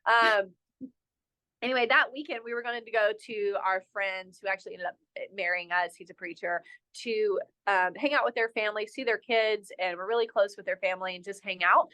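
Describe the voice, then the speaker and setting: Young woman, interview guest, mid-pitched voice, lively self-mocking storyteller who says "like" constantly. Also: a little fast. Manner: animated, self-mocking, heavy use of "like". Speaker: resort general manager, podcast guest.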